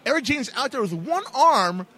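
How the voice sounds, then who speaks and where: A man's voice: extremely high pitch, sing-song, normal speed, sharp tone. A man playing a wrestling manager who stammers and defends himself. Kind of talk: wrestling backstage interview.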